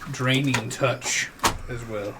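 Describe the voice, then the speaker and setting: A man's voice: mid-range voice, fairly even intonation, slow. Male game master, plain mid voice, tallies dice aloud, faint noise behind. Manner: rolls dice aloud, counts damage with flair. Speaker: dungeon master. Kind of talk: narrating a tabletop game.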